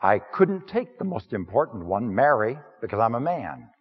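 A man's voice: medium pitch, sing-song, normal speed, slightly rough, big-room sound, muffled recording. A man lecturing other preachers on his craft in a folksy, earnest way. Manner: folksy, earnest, frequent uh fillers.

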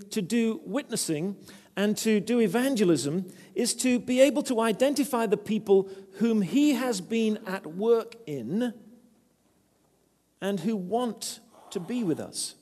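A man's voice: high-pitched, dark tone, in a large hall. A man preaching a sermon, earnest and conversational, telling personal stories. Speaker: preacher, former vicar.

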